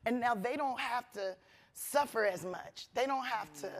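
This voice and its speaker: A woman comedian speaking as a guest in an onstage conversation, animated and earnest, at times emotional. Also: on the high side, normal speed. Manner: animated, acts out voices in quotes. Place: conference stage.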